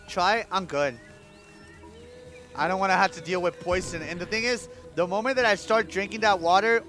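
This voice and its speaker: Very high-voiced, excitable male gamer. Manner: excitable, yelps and shouts at the game. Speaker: gaming streamer. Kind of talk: profane live game commentary.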